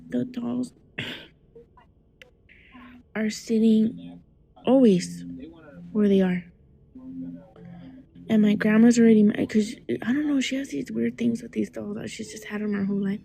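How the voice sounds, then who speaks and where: A young adult woman calling in to tell a scary childhood memory in a hushed, dramatic way that often drops to a whisper. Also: fairly high pitch, fairly even intonation, unhurried, long pauses, slightly rough, faint music behind, low-quality recording. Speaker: caller. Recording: call-in audio.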